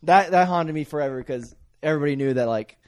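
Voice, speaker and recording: A man's voice: fairly high pitch, fast talker, darkish tone. A young man telling rambling, profane stories in a casual chat, laughing as he goes. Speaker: storyteller.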